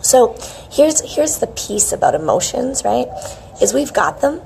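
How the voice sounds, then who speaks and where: A middle-aged woman hosting a casual live wellness stream, chirpy and animated, greeting viewers by name. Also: on the high side, unhurried, vocal fry, slight background noise, rough recording. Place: outdoors with a palm tree behind. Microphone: hands-free phone camera.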